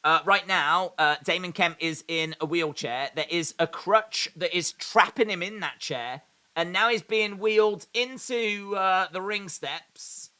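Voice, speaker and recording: Male stream host, fairly high and bright-toned, deadpan sarcastic play-by-play with comment reading. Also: measured pace, clean tone. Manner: dry and sarcastic, reading viewer comments aloud. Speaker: live stream host reacting to wrestling. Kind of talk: live watch-along commentary.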